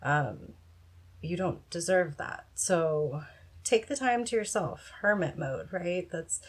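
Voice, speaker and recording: A woman's voice: fairly low pitch, animated, slow pace, breathy edge. A woman giving a casual, frank pick-a-card tarot reading, encouraging and swearing now and then. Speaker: tarot reader.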